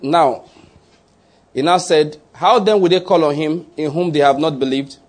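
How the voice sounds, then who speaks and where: A man, preaching a slow, emphatic sermon to a congregation as pastor. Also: fairly high pitch.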